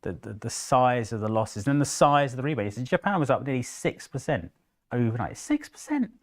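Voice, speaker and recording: A man's voice: mid-range voice, a little fast. A man co-hosting a live market show, chatty, acting out what investors say to themselves. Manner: animated, acts out investors' inner voices. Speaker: co-host.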